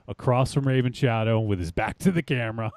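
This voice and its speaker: A man's voice: mid-range voice, normal speed, darkish tone, dry recording. A man hosting a podcast, chatting casually in an upbeat, rambling way. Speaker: podcast host. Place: home studio.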